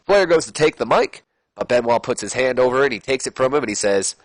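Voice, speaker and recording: A man's voice: mid-range voice, lively intonation, fast talker, no room sound. A man hosting a gameplay channel, casually narrating a wrestling simulation with rambling, jokey asides. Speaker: game channel host. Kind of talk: let's play commentary of a wrestling sim.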